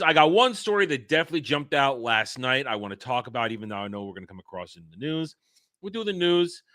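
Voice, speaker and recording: Lively bright-voiced man hosting a stream. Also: on the high side, dry recording. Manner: rambling, repeats himself, chuckles. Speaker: livestream host. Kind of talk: casual livestream chat.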